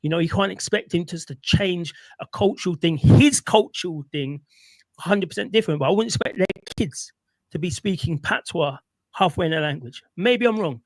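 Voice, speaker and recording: A man's voice: sits high, animated, moderate pace, no room sound. A man doing casual, opinionated commentary while reviewing clips, rambling and often asking "right?". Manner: rambling, repeats himself, asks "right?".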